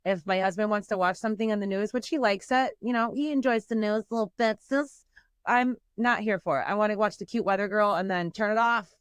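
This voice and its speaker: A woman's voice: medium pitch, quick pace, hardly any pauses, smooth, no room sound. A woman hosting a podcast in casual chat, rambling and filler-heavy with lots of "like" and "you know". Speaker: podcast host.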